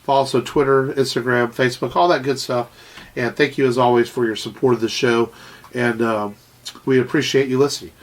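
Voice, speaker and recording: A man talking casually as a podcast co-host, his voice slightly nasal from a cold. He rambles with lots of fillers and the odd swear word, in a middling pitch. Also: steady tone, fairly quick. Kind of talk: casual chat.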